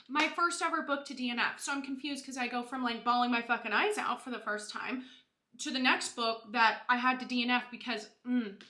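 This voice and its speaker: A bubbly young woman talks to her viewers while doing her makeup. Her voice is bright and a little high. The sound has an echoey room around it. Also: a little hiss or hum. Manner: bubbly, gushing, lots of "like" and "you guys". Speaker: beauty vlogger.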